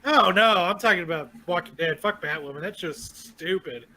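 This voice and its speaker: A man's voice: high-pitched, normal speed, sharp tone. A man co-hosting a podcast, talking bluntly and swearing freely in casual chat. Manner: blunt, profane, dismissive. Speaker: podcast co-host.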